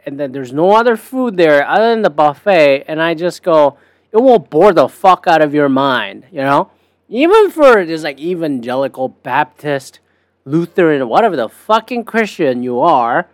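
On his podcast, a man with a high-ish voice rambles through a casual monologue that's sarcastic and full of profanity. The recording is dry.

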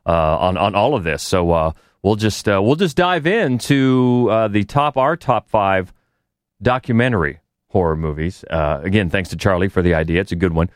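Low-voiced man chatting on a podcast. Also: lively intonation, no room sound, clean studio sound. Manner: halting, with many restarts. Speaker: podcast co-host. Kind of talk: casual chat.

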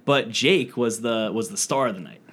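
A man's voice: medium pitch, moderate pace, a bit bright. A man co-hosting a podcast in casual chat, talking loosely and profanely with many fillers. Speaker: podcast co-host.

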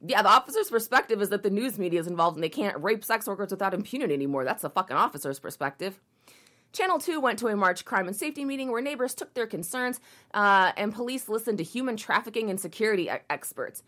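A woman with a medium-pitched, slightly bright voice talks fast and with lively intonation as she reads out a news story for a casual commentary video. She recites quotes, then breaks off into indignant, sarcastic tirades laced with profanity.

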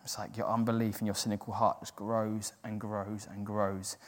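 A man's voice: fairly low pitch, flat delivery, moderate pace. A man preaching a sermon in an earnest, self-deprecating way, acting out the doubting voices in his head. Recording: long hall reverb.

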